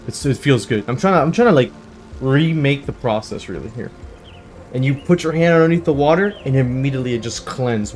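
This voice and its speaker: A young man in his twenties, a gaming channel host, telling a rambling, jokey story in a casual way, with sudden loud bursts. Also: medium pitch. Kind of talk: casual storytelling over gameplay. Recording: faint background music.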